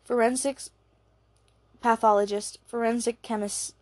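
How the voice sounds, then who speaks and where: A woman reads an audiobook in a steady, even voice. Her pitch sits fairly high, and the recording is close and dry with no room sound. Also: measured pace, no room sound. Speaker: audiobook narrator. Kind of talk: scripted narration.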